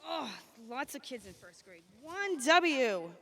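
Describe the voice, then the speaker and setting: A woman speaks from a school assembly stage to a room of children. Her voice sits a little high, and she keeps things upbeat and chatty. She calls out names and class groups one after another. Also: big pitch swings, takes it slowly, a bit bright. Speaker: school staff member presenting at an assembly.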